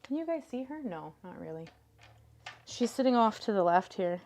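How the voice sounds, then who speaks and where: A woman hosting a casual crafting livestream, chatting with viewers and coaxing her cats in a soft voice. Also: medium pitch, sing-song, moderate pace. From Canada.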